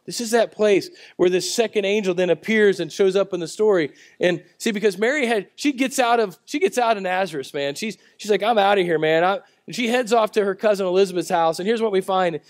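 A man preaching a sermon at a church service, telling the story in a conversational way and swinging between loud, emphatic lines and quiet ones. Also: sits high, a little fast, few pauses, dry recording. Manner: conversational storytelling with acted-out voices. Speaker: pastor.

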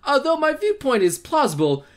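A man giving excitable let's play commentary, laughing and swearing through his reactions. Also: very high voice, normal speed. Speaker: gaming channel host.

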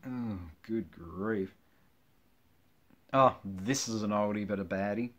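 A man's voice: lowish voice, takes it slowly, a bit bright. A middle-aged man reading old jokes aloud, groaning and laughing at them with wry, self-mocking asides. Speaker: channel host.

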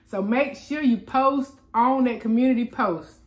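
A woman hosting an eating show from a home man cave, chatting in a relaxed way and talking straight to her viewers. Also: on the high side, unhurried. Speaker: mukbang host. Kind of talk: casual eating-show chat.

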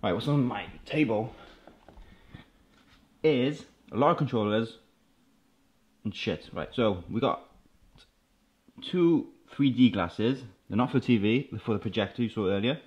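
A man's voice: mid-range voice, animated, unhurried, long pauses, darkish tone, dull audio. A man casually showing off his gaming setup in his room at home, talking in a laid-back, rambling way. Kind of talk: casual show-and-tell.

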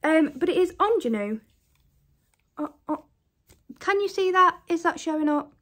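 A woman from the UK chatting casually to camera about her thrift finds, fast and self-deprecating, a bit out of breath. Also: very high-pitched, animated, fairly bright tone. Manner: chatty and self-deprecating, talks fast with many ums and likes. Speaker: reseller vlogger. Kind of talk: casual haul chat to camera.

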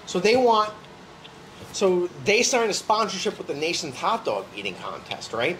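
Man, comedy guest, lively up-and-down pitch, animated and profane storyteller. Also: normal speed, a little hiss or hum, low-quality recording. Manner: animated storyteller, swears, acts out his own rants. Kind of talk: casual podcast chat.

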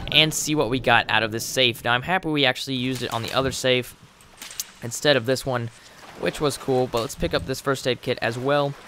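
A man giving casual let's play commentary, excitable and quick with exclamations as he plays. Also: medium pitch, a little hiss or hum. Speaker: gamer. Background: game music.

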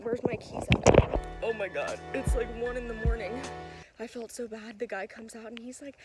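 A young woman talks straight to her camera in a loose, profane, chatty way, worn out from a long drive. Her voice sits a little high. Music plays clearly under her. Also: moderate pace. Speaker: vlogger. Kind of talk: casual vlog. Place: in a car and at a horse stable.

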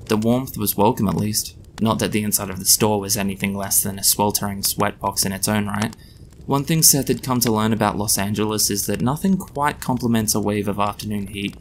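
A man reading his own story aloud in a measured, dry narration. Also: on the low side, vocal fry, a little hiss or hum.

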